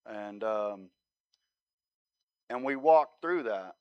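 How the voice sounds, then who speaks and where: A man giving his sermon testimony as a relaxed story, often checking in with "right?". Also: lowish voice, very slow, clean tone, no room sound, highs cut off. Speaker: guest speaker sharing his testimony.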